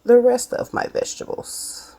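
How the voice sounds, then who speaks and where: In a cooking vlog, a woman with a mellow voice at normal speed chats casually while building and tasting a burger, calling her viewers "y'all."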